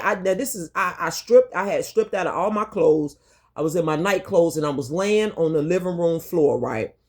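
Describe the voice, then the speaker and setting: A woman's voice: low voice, husky. A woman vlogger telling a personal story to her viewers, candid and emphatic, swearing freely and repeating herself for emphasis. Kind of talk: storytime monologue to camera.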